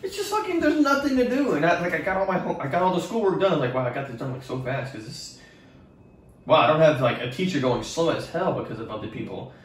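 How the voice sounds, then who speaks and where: A man's voice: medium pitch, fast talker, distant mic. A young man on a podcast, rambling through school stories with lots of swearing and acted-out quotes. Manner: rambling, profane, acts out quotes. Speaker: podcast co-host. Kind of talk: casual podcast storytelling. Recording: echoey room, off-mic with faint noise.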